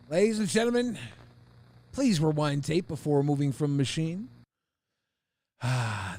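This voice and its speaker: A man's voice: mid-range voice, a little mellow, no room sound, studio quality. A man hosting a livestream, chatting casually and crudely while reacting to videos, often laughing and swearing. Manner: crude, laughing, puts on silly voices. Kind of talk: casual profane chat.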